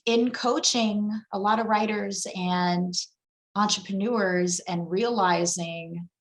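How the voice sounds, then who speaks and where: A woman's voice: mid-range voice, slow. A woman who is a copywriter and coach, a guest on a podcast, talking frankly and energetically with casual swearing.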